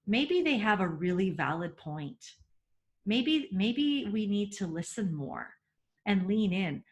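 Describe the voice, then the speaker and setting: A woman's voice: medium pitch, very animated, slow. A middle-aged woman hosting a parenting webinar, talking earnestly and emphatically, laughing often and repeating words as she goes.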